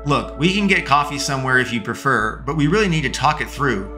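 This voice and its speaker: A man reading a brisk, dominant female deputy. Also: medium pitch, expressive, over music, lightly acted. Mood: urgent. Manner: overly projected, businesslike.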